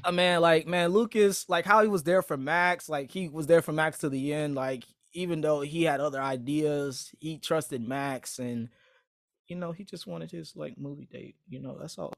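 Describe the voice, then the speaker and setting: A young man tells a loose, slang-heavy story, stacking "like" and "you know" between phrases. His voice sits a bit high. The sound is close and dry. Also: moderate pace, creaky, fairly bright tone, dry recording. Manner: slangy, rambling storytelling with many fillers. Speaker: podcast host, aspiring actor. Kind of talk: casual chat.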